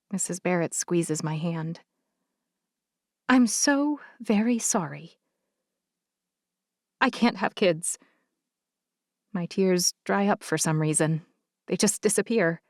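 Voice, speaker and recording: A woman's voice: on the low side, dry recording. Woman audiobook narrator, first-person romance, intimate emotional delivery, close mic, dry sound.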